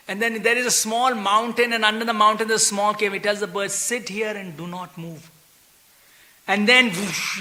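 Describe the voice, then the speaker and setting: A man's voice: high-pitched, sharp tone. A man giving a scripture class in a temple, chatty and full of "you know" and "right?", acting out the characters of a story. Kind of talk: sermon with storytelling. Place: temple hall.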